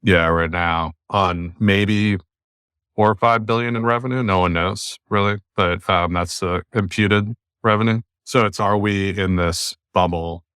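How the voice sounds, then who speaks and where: A man from the United States hosting a podcast, giving blunt, opinionated views in casual discussion, often with animated rants. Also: low-pitched, a little slow, clear, resonant tone, dry recording, clean studio sound. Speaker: podcast host.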